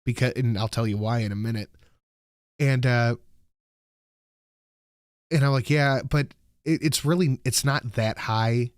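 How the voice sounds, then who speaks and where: Middle-aged male host, mid pitch, dry close sound. He swears and sounds exasperated while acting out the back-and-forth. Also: a little slow, pauses often, clear, resonant tone, dry recording. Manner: profane, exasperated, acts out both sides of a dialogue. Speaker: show host. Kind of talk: casual storytelling monologue.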